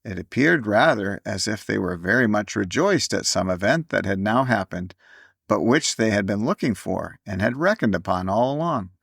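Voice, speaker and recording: A man reading a classic story aloud in measured audiobook narration. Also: on the low side, animated, gravelly, fairly bright tone, husky, no echo, clean studio sound.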